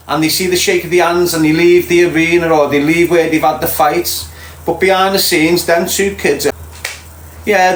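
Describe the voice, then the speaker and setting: A middle-aged Liverpool man, talking bluntly and casually to his livestream viewers. His voice sits a little high for a man. The room echoes around him, with a faint hum of ambience behind. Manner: blunt, swearing, chatty with viewers. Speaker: livestream host. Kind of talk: casual live chat reading comments.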